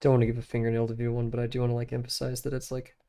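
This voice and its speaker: Relaxed young man chatting while drawing. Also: mid-range voice, very fast, smooth. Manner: relaxed, rambling, talks to himself and to chat with many fillers. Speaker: drawing streamer. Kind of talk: casual live-stream chat while drawing.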